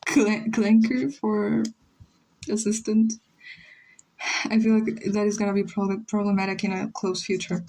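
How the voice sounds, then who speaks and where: A woman's voice: medium pitch, a little mellow, rough recording. A young woman streamer chatting casually while she draws, rambling and teasing and slipping into Spanish now and then. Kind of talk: casual livestream chat while drawing.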